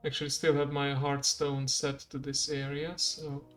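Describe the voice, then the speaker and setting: A game streamer giving relaxed, rambling commentary while playing and chatting with viewers. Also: mid-range voice, moderate pace, soft background music. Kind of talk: casual gameplay commentary.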